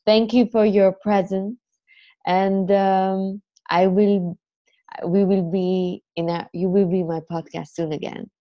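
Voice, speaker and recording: A woman's voice: medium pitch, flat delivery, takes it slowly, no room sound. A woman hosting a podcast, emotional and laughing often, with hesitant, phrasing. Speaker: podcast host. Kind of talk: casual interview chat. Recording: slightly dull lo-fi sound.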